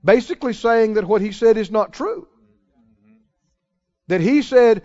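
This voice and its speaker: High-voiced preacher man, lo-fi sound. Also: expressive, mellow. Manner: drawn-out emphatic phrasing, chuckles often. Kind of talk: sermon. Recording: dull lo-fi sound.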